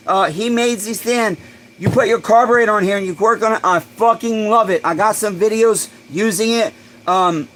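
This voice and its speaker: A man hosting a casual livestream, excitable and swearing freely, bursting into shouts. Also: sits high, slight background noise, rough recording. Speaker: livestream host.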